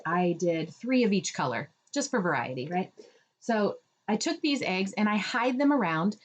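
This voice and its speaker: A woman in a middle pitch speaks as a speech therapist, coaching parents in a plain, easy way. She leans on fillers and tag questions and sometimes acts out a high, drawn-out voice like one you'd use with a toddler. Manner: demonstrates child-directed talk with raised pitch and drawn-out words; uses fillers and frequent "right?". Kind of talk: instructional talk to parents.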